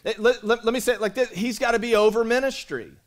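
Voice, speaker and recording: A man's voice: extremely high pitch, fairly even intonation, fast talker. A man pastor preaching a sermon to his congregation in a casual, conversational way, repeating phrases and calling out to the crowd. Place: church sanctuary.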